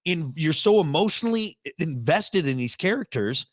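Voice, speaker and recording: A man in a casual podcast chat who rants with animated energy and laughs a lot. His voice sits on the higher side and sounds dry and close, with no room echo. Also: moderate pace. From Wisconsin. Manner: animated, ranting, mock voices, laughs often. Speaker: podcast co-host.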